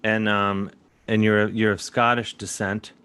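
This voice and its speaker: A man from suburban Cleveland hosts a relaxed comedic interview over a video call, asking his questions in a playful, goofy manner. His voice sits fairly low. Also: unhurried, clear, resonant tone. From suburban Cleveland, USA. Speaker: talk show host.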